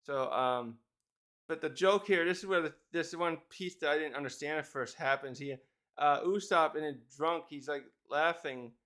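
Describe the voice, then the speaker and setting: A man's voice: a little high, moderate pace, fairly bright tone. A man giving a casual, rambling chapter review, thinking aloud and correcting himself as he goes. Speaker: manga reviewer.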